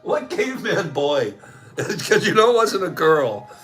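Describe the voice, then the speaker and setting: A man's voice: a little high, sing-song, measured pace, fairly bright tone, breathy edge, faint music behind. A man hosting a casual livestream, talking loosely and breaking into giggles often. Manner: giggly, keeps breaking into laughter. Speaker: livestream host.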